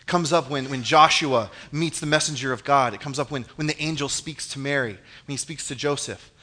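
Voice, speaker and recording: A young man giving a casual sermon, reading scripture and acting out the scenes in an animated, joking way. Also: mid-range voice, fairly quick. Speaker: preacher. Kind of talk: casual youth-style sermon with Bible reading.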